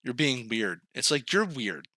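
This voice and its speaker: Animated man ranting on a podcast. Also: medium pitch, measured pace, no room sound. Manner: animated, acts out quoted voices, laughs mid-sentence. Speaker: podcast co-host. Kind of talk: casual comedic rant.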